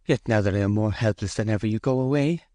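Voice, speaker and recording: A man's voice: lowish voice, fast, warm tone, no room sound, pitched above the performer's own voice, close to an everyday voice. Man voicing a proud grieving young farm mistress. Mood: dismayed. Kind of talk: audiobook character voice.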